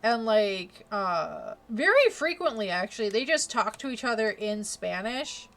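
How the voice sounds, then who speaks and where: A woman's voice: medium pitch, very animated, unhurried. A young woman streamer chatting casually, laughing often and filling her talk with "like" and "um". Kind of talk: casual chat.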